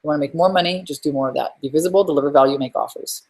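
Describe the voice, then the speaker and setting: A woman hosting a live webinar from home as a business coach, talking in an energetic, rambling, emphatic way. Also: sits low, racing.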